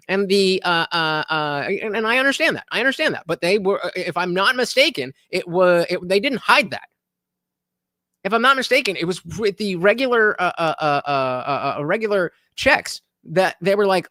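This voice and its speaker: Man in his thirties, high voice, dry close sound, rambling livestream reaction, lots of uh's. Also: animated, fairly quick, bright, forceful tone, dry recording. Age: 30s. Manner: rambling, heavy filler words. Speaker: livestream host.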